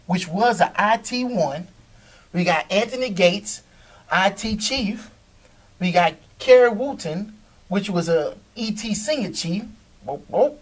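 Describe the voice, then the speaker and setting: A man's voice: sits high, recorded from a distance. A man hosting his own video show, talking casually and loosely, swearing freely and laughing as he answers critics. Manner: animated, swearing, laughs often, talks back to critics. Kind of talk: casual monologue to camera.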